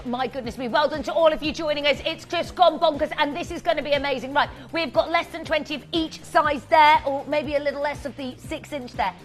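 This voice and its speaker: A woman co-presenting a live shopping broadcast, enthusing about prices in an excited sales pitch. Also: brisk, hardly any pauses, soft background music. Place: TV studio.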